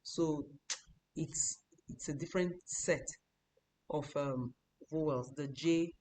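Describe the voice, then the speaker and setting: A woman teaching an online pronunciation lesson, repeating each sound several times, breathy on hushing sounds, talking in a halting way with many restarts. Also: sits low, slight background noise. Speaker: online Chinese language teacher.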